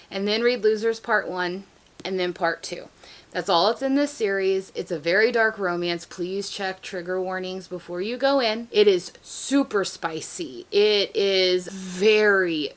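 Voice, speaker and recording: Gushing young woman book vlogger, chatty and full of laughs, mid-range voice. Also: medium pitch. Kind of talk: casual book review chat.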